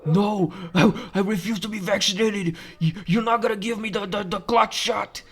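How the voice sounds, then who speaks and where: A man doing a panicky patient, high and shrill. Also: fairly even intonation, moderate pace, slightly rough. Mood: panicked. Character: frantic male patient refusing a shot.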